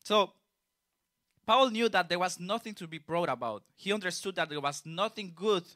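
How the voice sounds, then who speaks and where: A man's voice: high voice, expressive, moderate pace, sharp tone, dry recording, clean studio sound. A man preaching a sermon in a conversational way, reading scripture aloud and then explaining it in plain, casual words. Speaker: youth preacher.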